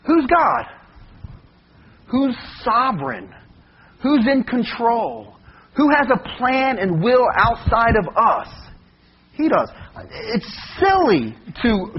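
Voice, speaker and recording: Animated male preacher, husky, lively pitch, lo-fi sound. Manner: animated, questions the congregation often. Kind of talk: sermon. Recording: dull lo-fi recording.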